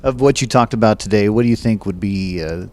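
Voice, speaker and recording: A man with a somewhat low voice leads a farm radio interview. He asks plain, conversational questions and sums up his guest's points in an easygoing way. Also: brisk, a little mellow. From Nebraska, USA.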